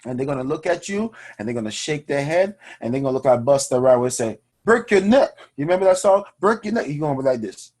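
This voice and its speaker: A man hosting a personal finance show, talking to his audience in an energetic, preachy way and calling them guys. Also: mid-range voice, fast, few pauses. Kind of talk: energetic motivational money talk.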